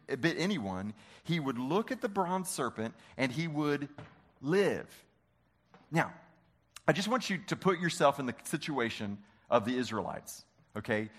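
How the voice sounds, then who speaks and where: Male preacher, sermon delivery, somewhat high and very expressive pitch, quizzes the room. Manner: animated, asks the congregation questions. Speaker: pastor.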